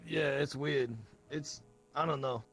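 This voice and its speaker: Gravelly-voiced man with a throaty drawl. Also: steady tone, a little slow, a bit bright, soft background music. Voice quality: gravelly deep put-on throat voice. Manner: laid-back, swears casually. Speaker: guest, streamer. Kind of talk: casual interview chat.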